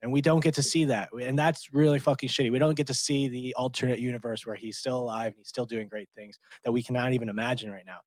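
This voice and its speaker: A man's voice: mid-range voice, fairly even intonation, fast talker, hardly any pauses, dry recording. A man hosting a podcast, talking in a casual, supportive way with some swearing. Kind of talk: casual chat.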